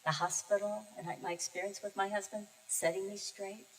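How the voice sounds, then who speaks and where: An older woman minister giving a heartfelt, personal sermon, telling her story with pauses and emotion. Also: medium pitch, fairly even intonation. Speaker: guest minister. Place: church sanctuary. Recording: distant mic in a reverberant sanctuary.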